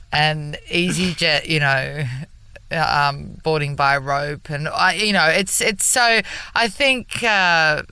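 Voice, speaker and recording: An Australian woman with a bright, crisp voice chats as a guest on a radio show. Her manner is camp and playful, and she laughs easily. The sound is dry, close and clean. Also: low voice, slow pace, no echo. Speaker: comedian guest. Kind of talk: casual interview chat.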